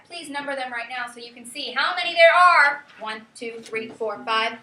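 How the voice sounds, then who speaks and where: A woman teacher giving a lively classroom lecture, quizzing her students and counting out rhythms aloud. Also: sits high, normal speed. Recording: echoey classroom from far off, faint hiss.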